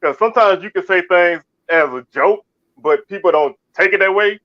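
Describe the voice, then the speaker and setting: In a casual sports talk show, a male co-host from Baton Rouge, Louisiana chats at normal speed with a high voice, often backing up to restart and repeat his words. The dry, dull lo-fi recording carries no room sound.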